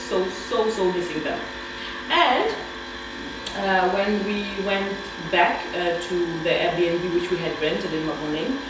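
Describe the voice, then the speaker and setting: A young South African woman telling a personal story to camera, chatty and often laughing. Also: mid-range voice. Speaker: vlogger. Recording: echoey room with noise, far from mic.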